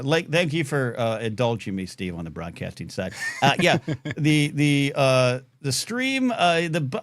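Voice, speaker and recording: On a live call-in talk show, a male host chats casually and with animation, frequently leaping into playful high tones and restarting his sentences many times. The recording has no room sound.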